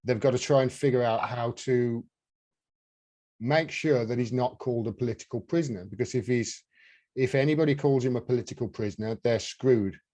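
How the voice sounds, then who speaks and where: Indignant guy ranting on a podcast, swears a lot, warm low-key voice. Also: brisk. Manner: heated, indignant, swears freely. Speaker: podcast host. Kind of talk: casual political chat.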